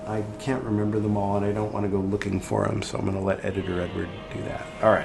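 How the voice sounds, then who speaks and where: A man's voice: fairly low pitch, little pitch movement, fast talker, vocal fry, few pauses. A man hosting a show, reading a text aloud with a theatrical delivery and adding his own commentary. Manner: dramatic, theatrical reading of quotes. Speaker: host. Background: faint background music.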